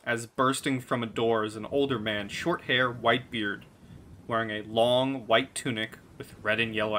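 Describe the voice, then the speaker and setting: A man's voice: mid-range voice, sharp tone. A man narrating a tabletop game as game master, describing scenes in detail.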